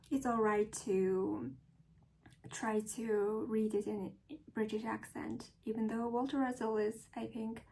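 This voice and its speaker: A woman with a Mongolian accent, a vlogger who chats casually and then reads a book aloud slowly and carefully. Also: medium pitch, mellow, rough recording. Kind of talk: casual chat and reading aloud.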